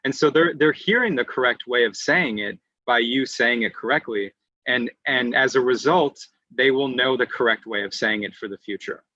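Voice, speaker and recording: Brief: male English teacher, patient online lecture full of "um"s, bright tone, dry and slightly muffled call audio. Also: mid-range voice, moderate pace, dry recording. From United States. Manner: patient explainer who often restarts phrases and fills with "um".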